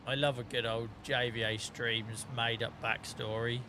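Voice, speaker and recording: A man's voice: mid-range voice, little pitch movement, moderate pace, background noise. A man giving casual, joking commentary while streaming a farming game, rambling and laughing often.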